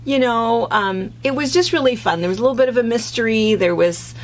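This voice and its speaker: A woman's voice: fairly high pitch, lively intonation, a little fast. A woman hosting a casual chat, talking in a rambling way with restarts. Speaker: host. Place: fabric shop.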